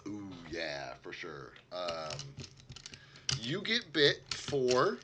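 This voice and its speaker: A man narrating and running a tabletop role-playing game as game master, laughing often between quick asides. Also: on the low side, wildly swooping pitch, background noise.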